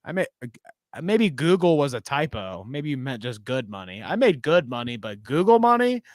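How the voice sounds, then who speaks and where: A man chatting casually as a podcast co-host, telling animated stories with plenty of swearing and laughter. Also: mid-range voice, normal speed, dry recording, studio quality.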